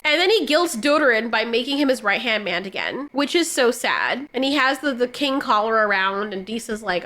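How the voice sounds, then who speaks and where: A woman's voice: high-pitched, expressive, a little fast, hardly any pauses, sharp tone. A woman reviewing a TV show in casual commentary, ranting sarcastically with exasperation.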